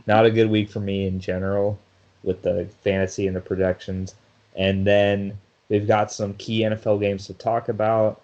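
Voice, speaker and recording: A man's voice: lowish voice, darkish tone, dull audio. A man co-hosting a sports podcast in casual chat, talkative, often laughing and restarting his sentences. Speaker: podcast co-host.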